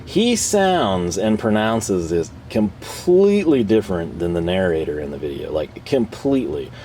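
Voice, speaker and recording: A man's voice: sits low, very animated, measured pace, warm tone, slight background noise. A man casually reviewing tools for his channel, rambling and self-deprecating with frequent chuckles. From North America. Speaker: tool reviewer and channel host.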